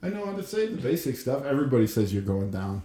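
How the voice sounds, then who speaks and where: A man co-hosting a podcast in casual chat, heard with a roomy echo around his voice. His banter is playful, often delivered deadpan. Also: medium pitch, fast, a crowd in the background. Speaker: podcast co-host.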